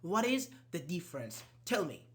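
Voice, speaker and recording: A man with a fairly high voice runs a casual online English lesson and answers questions from chat. He is not a native speaker, so his grammar is loose, and he repeats words as he looks for the next thought. He speaks straight to his students. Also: very animated, moderate pace, a bit bright. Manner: casual, talks directly to students. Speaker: English teacher.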